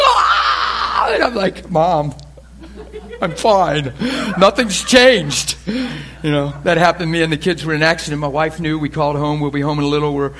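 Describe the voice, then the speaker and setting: A man preaching a storytelling sermon from the pulpit. His voice sits high and bright. He talks with animated swings, dropping low and hushed, then rising into laughter and shouts. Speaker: pastor. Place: church sanctuary pulpit.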